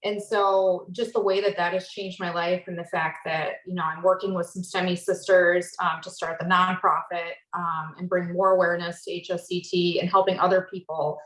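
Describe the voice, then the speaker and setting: A woman's voice: lowish voice, flat delivery, normal speed, hardly any pauses, a bit bright, echoey room, low-quality recording. A woman speaking as a guest on a roundtable podcast, earnest and emphatic. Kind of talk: casual roundtable chat.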